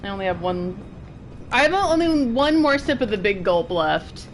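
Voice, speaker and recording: Excitable woman streamer with lively pitch. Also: normal speed. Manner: excitable, gushing and chatty. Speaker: game streamer. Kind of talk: live gameplay commentary. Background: game music.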